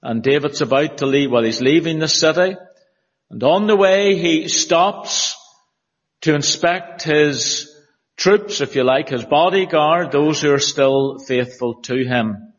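Male minister at the pulpit, deliberate and emphatic reader, recorded lo-fi in a reverberant church. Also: fairly high pitch. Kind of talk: scripture reading and church notices. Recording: echoey hall, dull lo-fi sound.

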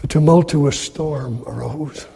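A man preaching a sermon in a dramatic way, acting out quoted speech in loud, high bursts. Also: takes it slowly, gravelly, breathy edge. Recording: long hall reverb.

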